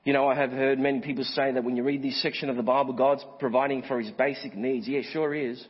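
A man preaching a sermon as pastor, asking the congregation direct questions and swinging from high emphatic peaks to quiet asides. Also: little pitch movement, quick pace, slightly rough. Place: church. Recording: muffled church sermon recording with long reverb.

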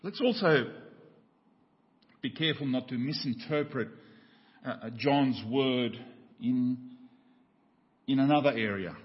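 A man with an Australian accent, a pastor preaching a sermon in a church, telling a joke with rising excited voices. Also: slow pace, pauses often. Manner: preaching with a joke, voices climbing high in the tale. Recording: dull church recording with long reverb.

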